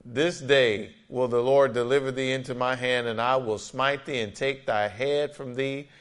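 A man's voice: medium pitch, steady tone, normal speed, a bit bright. A man pastor preaching an emphatic sermon with frequent amens and scripture readings.

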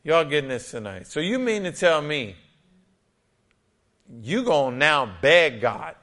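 Bright-voiced, animated male preacher. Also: a little high, a little slow. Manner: lively and conversational, acting out quotes. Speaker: pastor. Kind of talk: sermon.

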